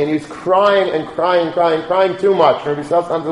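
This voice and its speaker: A man tells a story in a relaxed, conversational sermon, slipping into the voices of the people in it. His voice sits a little high. The room is echoey, with faint ambience behind him. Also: normal speed, a little hiss or hum. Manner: conversational, telling a story with acted quotes.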